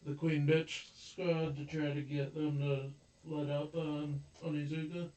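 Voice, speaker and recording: Slow, flat-voiced man, echoey room. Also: fairly high pitch, slight background noise. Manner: unhurried, flat, adds details and corrections. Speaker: podcast co-host. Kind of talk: casual chat. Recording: echoey room, distant mic.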